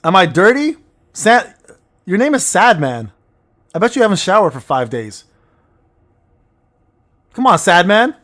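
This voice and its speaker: A man talks through a game on a livestream, teasing his chat with crude jokes and rambling asides. His voice sits high and swings widely up and down, full of playful bounce. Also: big pitch swings, measured pace, pauses often, fairly bright tone. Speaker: gaming streamer reading chat. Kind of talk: casual livestream chatter while playing.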